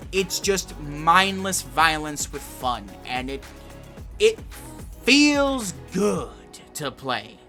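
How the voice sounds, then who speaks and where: Bright-voiced, slow-talking man reviewing a game. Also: high voice. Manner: excitable, profane and rambling. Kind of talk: casual game review vlog.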